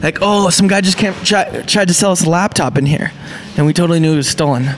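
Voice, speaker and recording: A young man who owns a small business, excitedly telling a story and acting out the quotes. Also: fairly high pitch, quick pace, slight background noise. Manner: excitable, acts out quotes in a rush. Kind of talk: animated storytelling.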